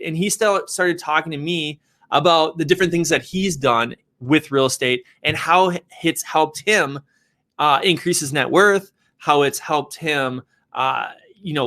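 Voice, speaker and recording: A man who works as a real estate agent and developer, telling a personal story in an animated, conversational way. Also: a little high.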